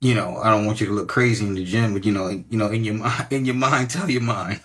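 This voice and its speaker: A middle-aged male coach with a husky, somewhat low voice delivers a motivational podcast talk. He speaks emphatically and repeats his key points, often tagging them with "right?" to check the listener is with him. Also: fast talker, fairly bright tone. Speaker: fitness coach.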